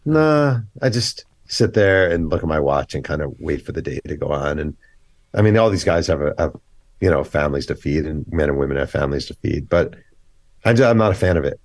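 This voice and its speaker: Low-voiced man telling lively stories. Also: fairly quick, no room sound. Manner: animated storyteller acting out quoted dialogue; blunt, opinionated. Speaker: author guest. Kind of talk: casual podcast interview.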